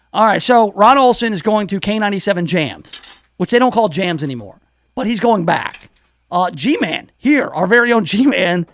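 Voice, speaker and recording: A radio host from the Memphis area jokes through studio banter on his afternoon show, slipping into hammy country DJ voices. His voice is high-pitched, and the studio mic recording is dry.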